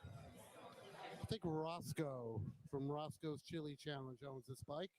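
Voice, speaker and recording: A man's voice: fairly high pitch, fairly even intonation, takes it slowly, crowd noise, rough recording. A man hosting a motorcycle vlog, walking around a bike show with a handheld camera and giving casual, admiring commentary on each bike, now and then swearing bluntly. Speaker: motovlog host.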